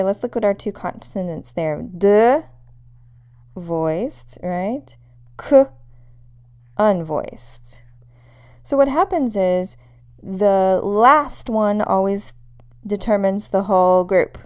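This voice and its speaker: A woman's voice: medium pitch, a little mellow. A woman teaching a pronunciation lesson, patiently demonstrating sounds one at a time. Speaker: language teacher.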